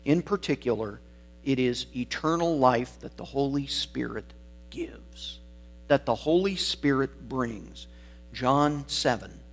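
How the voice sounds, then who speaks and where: Emphatic male preacher with a mains hum. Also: medium pitch. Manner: emphatic, repeats key words for stress. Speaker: pastor. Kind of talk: sermon.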